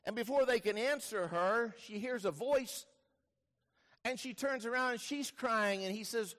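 A male pastor preaching a sermon, telling the story vividly, dropping to hushed lines and rising to loud bursts. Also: high-pitched, measured pace. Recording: long reverb of a large hall.

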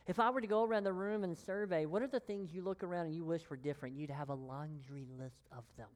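A woman pastor preaching a sermon with emphatic pauses, sinking to a whisper on key words. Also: fairly low pitch, darkish tone, long reverb tail. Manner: slow, emphatic delivery with long pauses, dropping to a whisper on key phrases.

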